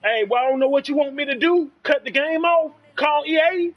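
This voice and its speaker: A high-pitched man with a Southern US accent, streaming a football video game live. He talks in a loud, profane, heated rant full of trash talk, with the game's broadcast commentary behind him. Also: a little fast, lo-fi sound.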